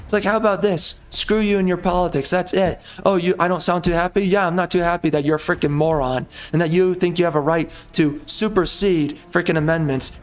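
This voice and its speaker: A man doing gameplay commentary who rants angrily and profanely, repeating insults. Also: a little high. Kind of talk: angry let's-play commentary.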